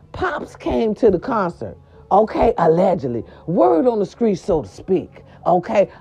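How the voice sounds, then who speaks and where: A woman hosting a casual celebrity gossip show, loud, animated, swooping and profane. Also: mid-range voice. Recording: dull lo-fi sound.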